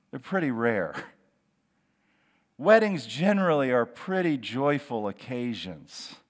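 A man preaching a sermon as pastor, earnest and encouraging, stressing key words with slow drawn-out phrases. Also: medium pitch. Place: church sanctuary. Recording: long hall reverb.

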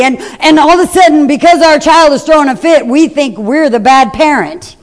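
A woman's voice: sits high, moderate pace. A middle-aged woman preaching a sermon, telling stories and talking directly to the congregation. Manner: conversational, anecdotal, addresses the congregation. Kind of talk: sermon with storytelling. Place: church hall. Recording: echoey hall reverb.

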